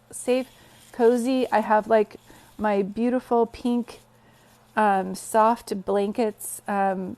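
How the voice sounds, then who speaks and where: A woman's voice: medium pitch, darkish tone. A woman hosting a casual phone livestream from her bed, greeting viewers and telling stories in a chatty way. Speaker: psychic medium livestream host. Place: bedroom, sitting on bed.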